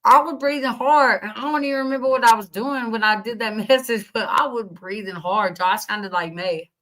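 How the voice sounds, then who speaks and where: A woman hosting a livestream, chatting casually with her viewers in a rambling, laughing way, her voice still a little rough from being sick. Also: fairly high pitch, fairly quick, fairly bright tone, poor audio. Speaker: livestream host.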